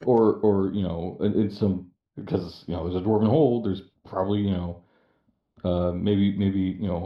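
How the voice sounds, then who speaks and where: A man with a low voice talks through his character's backstory in a hesitant, halting way. His audio comes through roomy and dull. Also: fairly even intonation. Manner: hesitant, full of fillers. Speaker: player. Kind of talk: casual chat.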